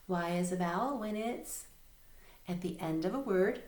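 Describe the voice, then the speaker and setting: A woman teacher giving a recorded reading lesson, patient and clear, spelling words slowly letter by letter. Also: fairly low pitch, a little mellow. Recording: roomy echo.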